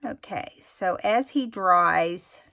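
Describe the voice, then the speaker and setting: A woman's voice: on the low side, vocal fry, sharp tone. A woman hosting a craft tutorial, talking casually and rambling as she demonstrates. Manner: chatty, rambling, self-admittedly unhurried.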